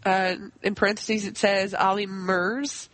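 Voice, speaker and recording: A man's voice: high voice, level tone, a little slow, fairly bright tone, no room sound. A man co-hosting a podcast, wryly reading out the rules of a game round. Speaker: podcast co-host.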